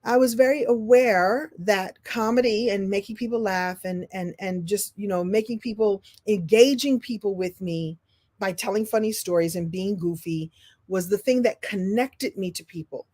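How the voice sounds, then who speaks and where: A woman in her sixties from Brooklyn speaks as a storytelling coach. Her motivational talk is lively and goofy. She laughs often and drops into quick impressions. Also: mid-range voice. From Brooklyn, New York. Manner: playful, animated, laughs often, slips into impressions.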